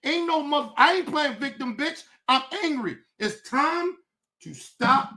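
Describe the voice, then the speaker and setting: Loud, angry, high-voiced woman. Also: expressive, measured pace. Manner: angry, profane, often shouting. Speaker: streamer, show host. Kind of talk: livestream rant.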